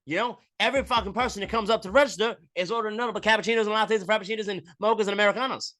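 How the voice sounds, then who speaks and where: Guy putting on a stressed young barista girl, high and whiny, loud and bright, rushing thru excuses about the wait. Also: fairly even intonation. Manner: high, rushed, whiny complaining. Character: frazzled young woman working as an airport barista.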